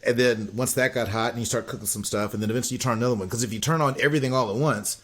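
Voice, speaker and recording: A man's voice: mid-range voice, fairly even intonation, very fast. An American man co-hosting a podcast, giving blunt, opinionated takes in casual chat. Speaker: podcast co-host.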